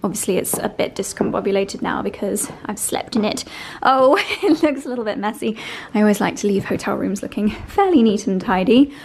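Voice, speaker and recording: A woman in her thirties chats to camera in a vlog, gushing with enthusiasm about what she shows and cooing at a dog. Her mid-range voice is lively, fairly quick and a little mellow with vocal fry, and the mic sits slightly distant with faint noise.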